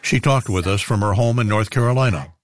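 A man reading a scripted radio news feature as anchor, in a measured newsreader delivery. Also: fairly low pitch.

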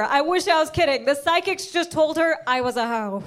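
High-voiced brash woman doing stand-up. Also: normal speed, background noise. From United States. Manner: brash, animated, laughs at own jokes. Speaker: stand-up comedian. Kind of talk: stand-up comedy set.

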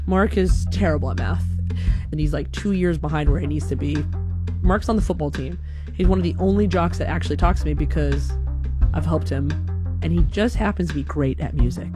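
A woman from Alabama telling a personal story in a lively, self-deprecating way, slipping into voices as she talks. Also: lowish voice. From Huntsville, Alabama, USA.

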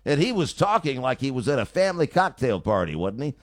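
A man's voice: mid-range voice, very animated, brisk, no echo. Sarcastic talk radio host, man. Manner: sarcastic and opinionated. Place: radio studio. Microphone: studio mic.

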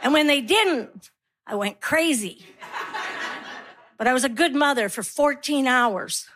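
Performing a stand-up comedy routine, a middle-aged woman tells animated stories and acts out the voices of the people in them. Her voice sits high.

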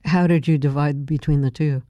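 A woman hosting a radio interview, speaking in a calm, measured way. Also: sits low, no room sound, highs cut off. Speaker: radio host.

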